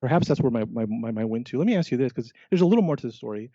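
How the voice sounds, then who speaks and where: Gravelly-voiced man telling a story. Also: medium pitch, racing, no echo. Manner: animated, quotes himself often. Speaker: podcast guest, biologist. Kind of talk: casual storytelling. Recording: dull lo-fi sound.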